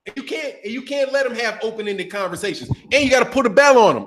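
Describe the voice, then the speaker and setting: A man with a high voice rants through boxing commentary in a loose, casual way. He talks animatedly and swears freely, slipping into mocking impressions of the people he criticizes. His tone stays heated and incredulous. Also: expressive, quick pace, a bit bright. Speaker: boxing channel host.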